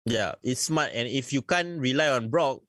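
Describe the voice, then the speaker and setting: A man's voice: mid-range voice, lively intonation, moderate pace, fairly bright tone, no echo. A man co-hosting a casual wrestling podcast, bantering in a laid-back, slangy way. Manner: laid-back slangy banter, calls his co-host bro.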